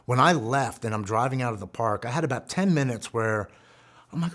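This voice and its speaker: A man's voice: medium pitch, lively intonation, a little fast, a bit bright. A man in his forties telling a raw, heartfelt story of his own recovery. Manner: earnest, raw and heartfelt, reliving painful memories. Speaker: guest speaker sharing a recovery story. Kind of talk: personal storytelling.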